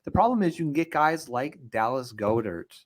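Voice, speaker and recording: A man's voice: a little high, animated, fairly quick. A man from Canada co-hosting a fantasy football podcast, chatty, laid-back and a little self-deprecating. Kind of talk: casual sports podcast banter.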